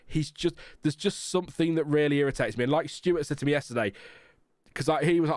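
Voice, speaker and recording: A man's voice: fairly high pitch, quick pace, dry recording, studio quality. A man hosting a casual live watchalong stream, chatting frankly and rambling with fillers. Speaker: livestream host.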